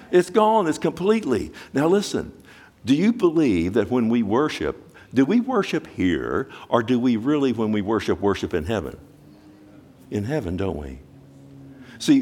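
A man preaching a sermon as a pastor, asking his congregation questions and swinging from loud exclamation to hushed, slow emphasis. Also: medium pitch, slightly rough.

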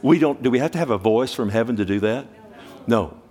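A man preaching a sermon, animated, swinging from loud urgent bursts to quiet low asides. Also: a little fast, breathy edge.

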